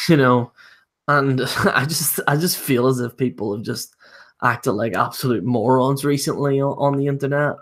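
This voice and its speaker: A man's voice: medium pitch, normal speed, fairly bright tone. A young man ranting bluntly and profanely while reviewing a wrestling show on a casual livestream.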